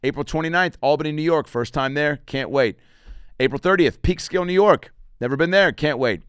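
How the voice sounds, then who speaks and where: Talking fast in a higher male voice, this comedian and podcaster sounds clear and resonant on a dry recording. He rambles through a crude, joking monologue, promoting his shows between gags.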